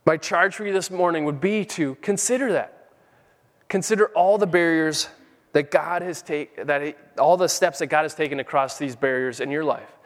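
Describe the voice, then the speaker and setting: Middle-aged male preacher, fervent sermon delivery, somewhat high voice, long hall echo. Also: normal speed. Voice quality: fervent, rising to emphatic peaks.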